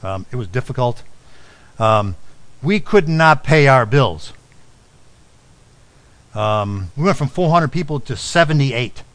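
A middle-aged man preaching a sermon, telling a personal story and dropping to a soft, low voice on key lines. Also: lively intonation, slow pace, pauses often, rough recording. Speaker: pastor.

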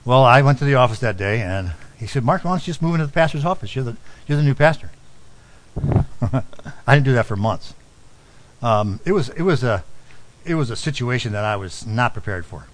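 A middle-aged man preaching a sermon, telling a personal story and dropping to a soft, low voice on key lines. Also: animated, fairly quick, pauses often, low-quality recording. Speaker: pastor.

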